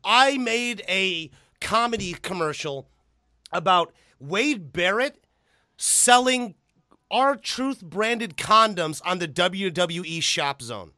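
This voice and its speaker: A man hosting a podcast in casual chat, animated and swearing freely. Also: high voice, slow, no room sound, clean studio sound. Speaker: podcast host.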